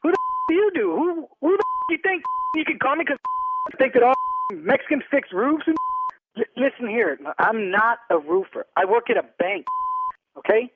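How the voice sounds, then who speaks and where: A man with a strikingly high voice argues hard over the phone, firing back one indignant retort after another. The sound is thin and tinny, squeezed through a phone line. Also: very animated. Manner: indignant, insulting, rapid-fire retorts. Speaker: prank call target. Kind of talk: heated phone argument. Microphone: telephone.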